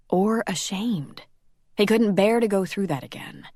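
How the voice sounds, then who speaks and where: A woman narrating a romance audiobook in a slow, measured, intimate reading. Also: mid-range voice, darkish tone, no echo, studio quality.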